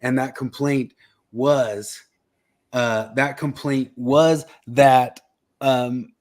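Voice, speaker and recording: A man's voice: mid-range voice, steady tone, very slow, a little mellow. Easygoing male podcast co-host. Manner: easygoing, hesitant with ums and restarts. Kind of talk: casual chat.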